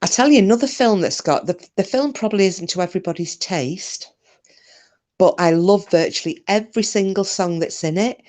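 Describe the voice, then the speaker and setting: A woman's voice: mid-range voice, normal speed, a little mellow. Chatty British woman hosting a live stream. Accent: British English. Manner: rambling, chatty, answers viewer comments by name. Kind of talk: casual live-stream chat.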